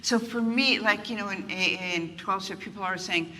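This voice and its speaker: Speaking a little fast at medium pitch, an older woman appears as a guest author in front of a live group. Candid and animated, she pokes fun at herself and performs other people's lines, heard from a distance in a reverberant room with faint ambience.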